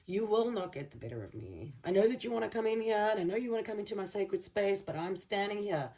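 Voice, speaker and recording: A woman's voice: mid-range voice, expressive, fast talker, mellow, far from the mic, pitched above the performer's own voice, natural voice. A woman voicing a battered, wounded man who defiantly holds his ground. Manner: stubborn, insistent, raised voice.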